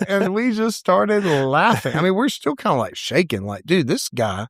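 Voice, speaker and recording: A middle-aged man, a salon owner and podcast co-host, telling a story in casual chat, animated and acting out quoted voices. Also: high voice, normal speed, no echo, clean studio sound.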